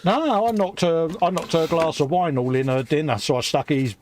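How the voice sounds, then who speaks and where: A man's voice: a little high, a little fast, a little mellow, a little hiss or hum. A middle-aged man with a southern English accent, co-hosting a casual live stream and bantering matily with his friend. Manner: matey banter, calls his friend "mate". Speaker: co-host.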